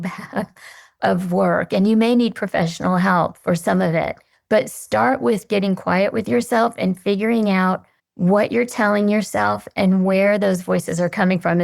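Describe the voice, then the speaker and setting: A woman guest on a podcast, answering in an earnest, measured, reflective way. Her voice has strong vocal fry throughout and sits in a middle register. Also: medium pitch.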